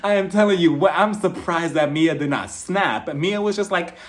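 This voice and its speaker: A man's voice: fairly high pitch, moderate pace. A man giving a casual, dramatic recap of a reality show, full of exclamations. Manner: animated, dramatic retelling with exclamations. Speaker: reality TV reviewer.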